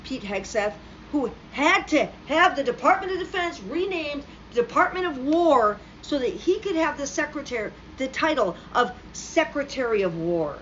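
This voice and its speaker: A woman with a somewhat high voice rants, sarcastic and profane, about politics. Her voice comes through a dull, lo-fi recording. A faint hum sits underneath it. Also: big pitch swings, normal speed, few pauses, fairly bright tone. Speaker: political commentator. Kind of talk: angry political rant.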